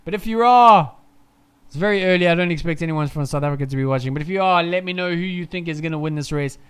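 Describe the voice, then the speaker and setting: High, crisp-voiced young male streamer. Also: fast. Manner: excitable, swearing, rambling. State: groggy, short on sleep. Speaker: live stream host. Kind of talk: casual live race commentary.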